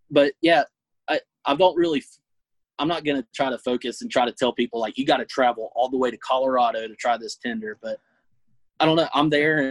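A young man being interviewed about his food reviews, speaking earnestly and haltingly, with lots of fillers. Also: mid-range voice, no echo, rough recording. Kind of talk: casual interview.

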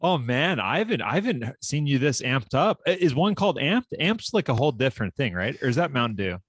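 A man's voice: medium pitch, very animated, fast, husky. A young man co-hosting a podcast, chiming in with jokes and teasing questions. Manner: joking, teasing interjections. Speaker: podcast co-host. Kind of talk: casual podcast chat.

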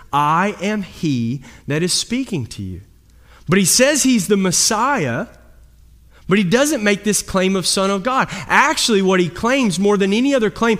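A man preaching a sermon as pastor, his delivery swinging between loud, high emphasis and low, quiet drops.

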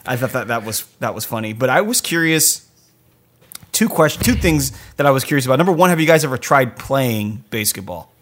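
A man hosting a casual movie podcast, talking in a loose, chatty way and swearing freely. His pitch sits in the middle range for a man, and he steers the talk with questions. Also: expressive, brisk, a bit bright. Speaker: podcast host.

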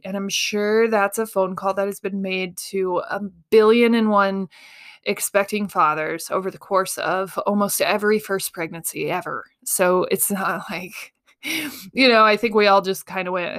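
A woman's voice: medium pitch, steady tone, unhurried, fairly bright tone. A woman in her thirties telling a personal story in casual chat, laughing often and acting out the voices of people she quotes. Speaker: podcast host.

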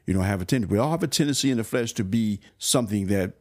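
A man's voice: fairly low pitch, racing, a little mellow, dry recording, clean studio sound. A man speaking as a church minister in an earnest, exhorting conversation, restarting often and pushing up into sudden emphatic bursts. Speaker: church minister co-hosting a faith discussion.

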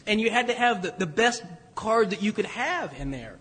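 A man's voice: high-pitched, animated, normal speed, fairly bright tone, a little hiss or hum. A man, a priest, giving a sermon in a conversational, self-deprecating way with asides. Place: church. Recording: long church reverb.

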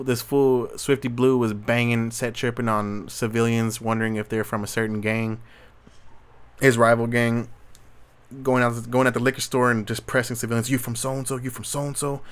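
Solo host, male, mid-pitched, swears nonstop in street slang, blunt and worked up. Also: level tone, normal speed, clean tone. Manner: profane, heavy street slang. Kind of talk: casual commentary rant.

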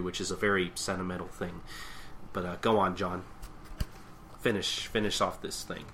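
A man co-hosting a podcast, casually recapping a manga chapter and acting out characters' lines with animated delivery. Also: low voice, slight background noise. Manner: animated, acts out characters' lines in quick voices. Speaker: podcast co-host.

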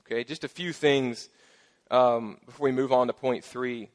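A middle-aged man preaching a sermon as pastor, casual and playful with joking asides and lively emphasis. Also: medium pitch, moderate pace.

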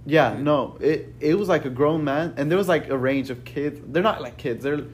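A young man casually telling a rambling, profane story to friends, peppered with "bro" and "right?"; he says he is a little high. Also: normal speed, a little hiss or hum.

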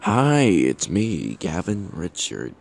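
A man hosting a podcast, giving a deadpan comedy monologue with jokey murmured asides. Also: low-pitched, takes it slowly, creaky. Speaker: podcast host.

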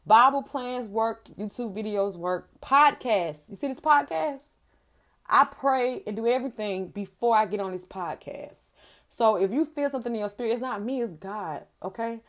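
A woman with a mid-range voice hosts a faith podcast, teaching in a warm, conversational way. She speaks earnestly and now and then slips into voicing her own prayers aloud. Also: mid-range voice. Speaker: podcast host.

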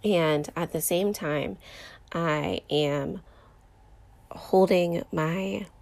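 Thirties woman, podcast host; low, fry-heavy voice; candid, teary personal monologue. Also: drawn-out words, a little mellow. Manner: candid, emotional, with many fillers. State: close to tears.

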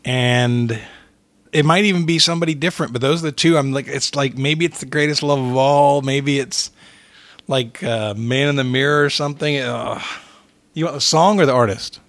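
A young man in a casual podcast trivia game, thinking aloud and groaning when stuck. His voice sits in an ordinary middle pitch. The sound is dry and close. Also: moderate pace, a bit bright, dry recording. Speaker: quiz contestant and co-host.

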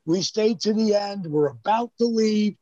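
A man's voice: high-pitched, measured pace, warm tone, dry recording, lo-fi sound. An older man telling rambling, profane anecdotes in casual chat, acting out the lines of the people in his stories. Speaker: storyteller guest.

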